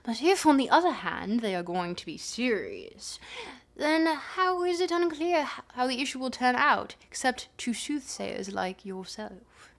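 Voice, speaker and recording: Woman reading as a probing old philosopher man, questioning, slightly high voice, live dialogue reading. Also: sing-song, a little slow, vocal fry, heavily acted. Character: older male Greek philosopher, inquisitive, probing.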